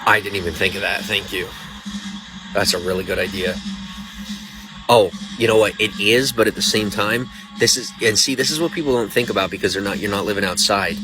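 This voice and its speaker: A worn-out man with a low voice talks on a late-night livestream from his phone, rambling and emotional. He sounds spent and trips over his words. Loud music plays from a nearby speaker in the restaurant. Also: brisk, low-quality recording. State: exhausted.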